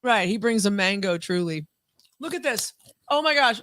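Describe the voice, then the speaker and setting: Woman podcast co-host, bright tense tone, chatty, sometimes talking with her mouth full. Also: mid-range voice, animated, moderate pace. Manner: chatty, talks while eating. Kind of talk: casual live-stream chat.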